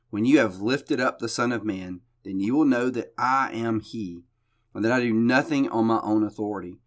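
A man hosting a devotional podcast, reading a Bible passage aloud and then explaining it conversationally, often restarting and repeating words. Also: fairly low pitch.

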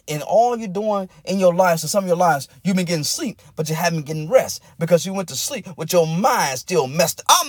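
A man's voice: a little high, slightly rough, dry recording, studio quality. A man preaching a sermon, building in rising, intense cadences and breaking into bursts of tongues.

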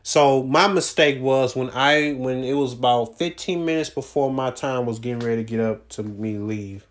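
A man of ordinary pitch tells a long, meandering story in loose slang, swearing freely and stacking up fillers as he goes. He records without a proper microphone. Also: normal speed. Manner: profane, loose slangy talk with many fillers. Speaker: vlogger recounting his job search. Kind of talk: casual rambling storytelling.

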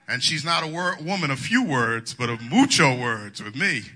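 A man's voice: mid-range voice, lively intonation, normal speed, bright, forceful tone. A male pastor preaching a sermon in a folksy, colloquial way, wandering into asides.

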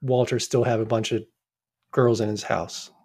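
A man's voice: medium pitch, level tone, normal speed, a little mellow. A man co-hosting a podcast, chatting about a film in an easygoing way with frequent restarts. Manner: easygoing, hesitant restarts, laughs along. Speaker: podcast co-host. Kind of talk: casual movie discussion.

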